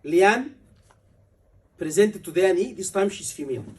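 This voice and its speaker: A man's voice: high-pitched, animated, normal speed, a little mellow, husky, distant mic. A man, tutoring a class for a medical exam, emphatic and repeating key words over and over. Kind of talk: classroom lecture.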